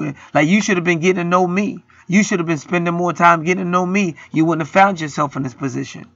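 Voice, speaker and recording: High gravelly dude preaching off the cuff, aave, cussing a lot, dry dull recording. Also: male voice, fast, few pauses, fairly bright tone, no room sound. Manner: profane, heated, rants and acts out quotes. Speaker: internet preacher. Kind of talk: street-style preaching monologue.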